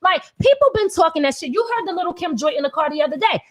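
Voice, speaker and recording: A woman's voice: extremely high pitch, expressive, fast. A woman in her thirties hosting a podcast, an independent artist talking bluntly and animatedly with lots of profanity. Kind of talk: casual opinionated talk.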